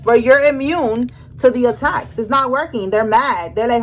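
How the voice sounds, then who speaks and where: A fairly high-voiced woman reads tarot cards for her viewers, emphatic and excited as she talks straight to them. Her speech is casual and slangy. A faint hiss of noise sits behind her voice. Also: moderate pace, hardly any pauses, poor audio. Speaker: tarot reader. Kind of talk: general tarot reading.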